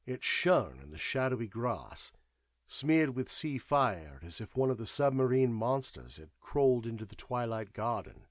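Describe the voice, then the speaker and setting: A man narrating a classic mystery audiobook in an expressive, measured storytelling manner. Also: medium pitch, no room sound, clean studio sound. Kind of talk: scripted narration.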